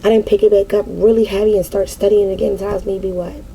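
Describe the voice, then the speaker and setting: Gravelly-voiced woman musing on faith. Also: medium pitch, flat delivery, fast, dark tone, a little hiss or hum, low-quality recording. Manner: repetitive, emphatic, preacher-like cadence. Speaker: mother speaking to an online audience. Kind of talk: casual spiritual reflection.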